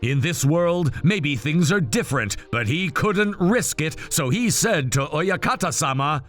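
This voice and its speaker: A young man casually narrating a fan story in a plain, unhurried way. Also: fairly high pitch, very animated, a bit bright, faint music behind.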